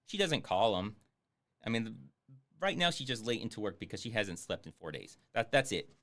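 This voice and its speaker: Male streamer, sarcastic running commentary, lively swooping pitch, casual swearing. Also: fairly quick. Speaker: streamer reviewing a film.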